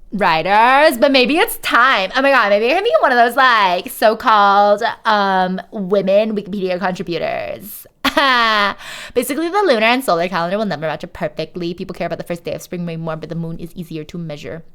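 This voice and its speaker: A woman livestreamer chats casually with her viewers while reading aloud to them. Her medium-pitched voice is excitable and chatty, and she swears freely.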